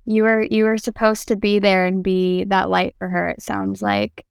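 Female interviewer, short reactive lines, smooth with a little fry. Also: mid-range voice, little pitch movement, moderate pace, no echo, studio quality. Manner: reacts warmly with short exclamations. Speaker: podcast host.

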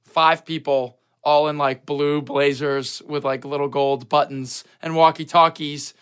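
A man with a somewhat high voice tells a story in a loose, comedic way. He acts out the action with bam and smack and chats casually with his co-host. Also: unhurried, clear, resonant tone. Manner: animated, with sound effects like bam and smack.

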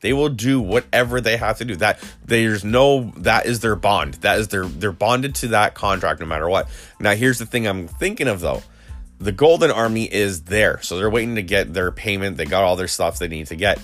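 Male vlogger, low voice, loose rambling delivery over faint music. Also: lively intonation, moderate pace, a bit bright. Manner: rambling, with many restarts and quoted dialogue. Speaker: video creator recapping a TV episode. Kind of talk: casual recap monologue.

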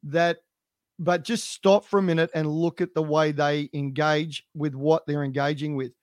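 A man's voice: on the high side, level tone, normal speed, dry recording. A man co-hosting a coaching podcast in casual chat, speaking emphatically and repeating his points for stress. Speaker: swim coach, podcast co-host.

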